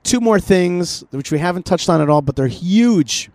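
Animated man chatting, many restarts. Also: high-pitched, normal speed, dry recording. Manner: animated, repeats himself, many restarts and fillers. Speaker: podcast host. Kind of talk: casual political chat.

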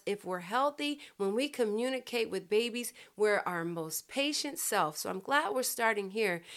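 Woman lecturing on tone, smooth clear voice, steady explaining manner. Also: medium pitch. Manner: explanatory, repeats phrases, demonstrates emphasis by example. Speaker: communication teacher. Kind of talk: lecture-style teaching.

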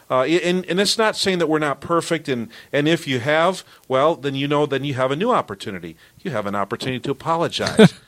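A man's voice: mid-range voice, fairly bright tone. Pastor guy on a podcast, earnest, voice goes up and down a lot. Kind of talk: casual podcast talk.

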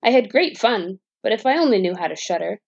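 A woman plays a fearless, cheeky storybook boy with a lifted, bright voice and a gravelly edge. He sounds bold and unbothered. The recording is dull and lo-fi. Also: mid-range voice, lively intonation, brisk.

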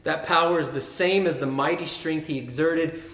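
A man's voice: a little high, normal speed, fairly bright tone. A man preaching a sermon in a conversational, storytelling way. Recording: roomy echo.

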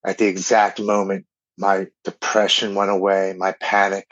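A man, a podcast guest, telling an emotional recovery story in an earnest, halting way with repeated words. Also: sits low, completely flat delivery, fairly bright tone, dry recording. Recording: dull, dry remote recording.

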